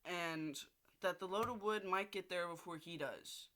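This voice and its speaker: A man's voice: high-pitched, a little slow, bright, forceful tone. A young man ranting casually in a video diary, swearing often and rambling with restarts. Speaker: video diarist.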